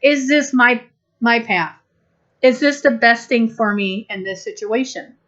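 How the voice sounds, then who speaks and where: A woman giving a channeled spiritual talk, speaking slowly, gently and deliberately, and acting out small quoted exchanges. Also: a little high. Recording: dull lo-fi recording.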